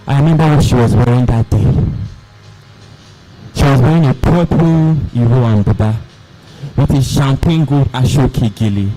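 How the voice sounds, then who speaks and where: A young man performing a dramatic spoken-word story in an animated, theatrical way. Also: mid-range voice, normal speed, faint music behind, poor audio. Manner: animated, theatrical, voices the characters.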